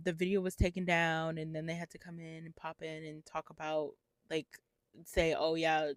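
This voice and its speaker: A host in casual solo commentary, chatting through internet news in a mid-pitched voice, close and dry with no room sound. The delivery is loose and conversational, full of "um"s, "like"s and tag questions such as "right?". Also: no room sound. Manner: hedges with "I believe" and "like". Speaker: show host giving commentary.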